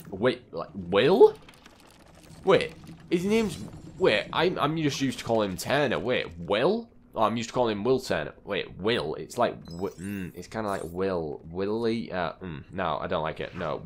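Young man, lowish voice, chatty gameplay commentary, grumbles at the game, light background hiss. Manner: chatty, easily exasperated, talks to game characters. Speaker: gaming channel host. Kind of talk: casual let's-play commentary.

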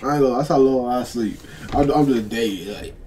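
A young man giving casual reaction commentary as a video host, excitable, laughing often and stumbling over his words. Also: medium pitch, a little fast, slight background noise.

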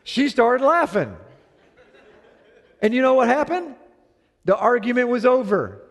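A middle-aged man preaching to a congregation, with a fairly high voice for a man. He tells stories in an animated way and acts out both sides of an argument. His voice rings with the long reverb of a large hall. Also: measured pace. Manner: animated storytelling, acting out both sides of a quarrel. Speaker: pastor. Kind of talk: sermon.

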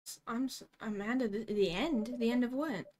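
A woman's voice: fairly high pitch, normal speed. Giggly young woman streaming a game. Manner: excitable, giggly, talks to herself. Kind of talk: live game stream commentary.

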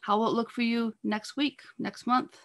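A woman giving an earnest sermon over a video call, pressing her listeners with repeated rhetorical questions and halting now and then on fillers and restarts. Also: a little high, fairly even intonation. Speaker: speaker at a church talk on marriage.

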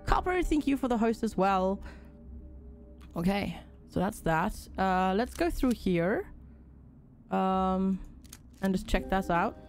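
A woman live-streams a game, chatting casually, reading tutorial text aloud and thanking her viewers. Her voice sits at an average pitch with a lot of gravelly vocal fry. Game music plays faintly underneath. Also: big pitch swings, slow pace, long pauses, a little mellow.

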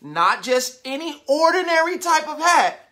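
A woman reads a picture book aloud to young children, slow and unhurried. Her voice sits a little high and swoops all over as she asks the kids questions. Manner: animated, questions the listeners. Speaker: storyteller reading to children.

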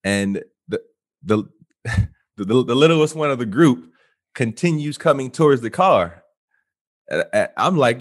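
A man telling a funny story on a casual podcast, animated and laughing often. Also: mid-range voice, normal speed. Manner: animated, yells in quoted lines, laughs a lot. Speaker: podcast co-host.

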